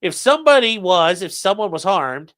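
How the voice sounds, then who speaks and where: A man's voice: high-pitched, very animated, normal speed, a bit bright. A man giving casual, profane commentary as a show host, acting out quoted dialogue as he retells a police encounter.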